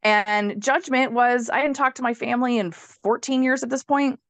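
A woman guest on a podcast, a healer, telling her own story in a candid, animated way, laughing often and swearing freely. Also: on the high side, moderate pace, dry recording. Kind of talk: casual storytelling in a conversation.

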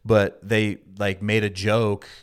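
A man's voice: lowish voice, slow pace, smooth. A man in his thirties hosting a podcast, telling a story in casual chat and acting out the voices in it. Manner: animated storyteller, acts out quoted voices. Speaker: podcast host.

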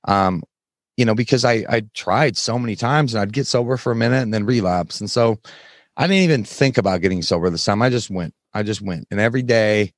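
A man as a podcast guest, telling his story candidly in plain, frank words with halting restarts. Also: lowish voice, no room sound, clean studio sound. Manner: frank, plain-spoken, occasional swearing; halting, many fillers and restarts while recounting.

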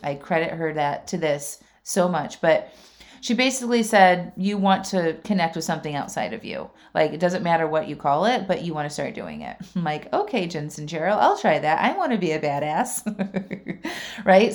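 A woman in her forties with a somewhat low voice tells a personal story the way she would to a friend. Her talk is loose and full of asides to listeners. She breaks into laughter now and then. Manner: chatty, lots of fillers and asides to listeners; laughs often mid-sentence.

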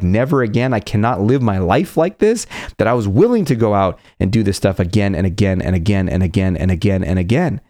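A man's voice: on the low side, vocal fry, mellow, no room sound, studio quality. A man giving an earnest motivational talk as a confidence coach, often acting out people's inner voices.

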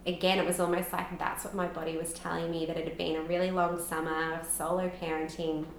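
Speaking quickly with vocal fry and little pitch movement, this thirtysomething woman has a lowish voice. As a podcast guest she tells stories openly and emotionally, full of "like" fillers. There's a roomy echo with faint noise behind her.

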